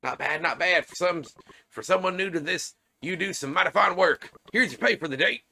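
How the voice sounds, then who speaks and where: A man's voice: high voice, animated, normal speed, pushed and bright, pitched above the performer's own voice, exaggerated voice. A man voicing a cheerful boss character who praises a new worker and hands out pay. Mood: praising.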